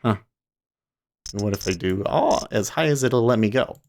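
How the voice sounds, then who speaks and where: A man with a fairly low voice hosts a livestream, talking casually. He rambles, restarts his sentences and laughs easily as he goes. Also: animated, darkish tone. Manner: rambling, self-interrupting, quick to laugh. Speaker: livestream host.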